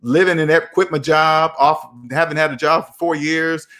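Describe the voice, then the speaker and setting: A young man talks casually with his viewers, animated and repetitive in a preachy way. His voice sits somewhat high for a man. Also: moderate pace. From United States. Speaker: finance channel host. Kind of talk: casual live chat.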